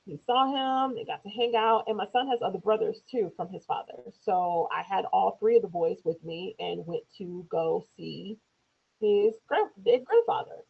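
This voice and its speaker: Gravelly, husky woman telling her story. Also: medium pitch, lively intonation, moderate pace. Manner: acts out quoted speech in raised voices. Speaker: interview guest. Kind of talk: personal storytelling. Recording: tinny phone-like lo-fi audio.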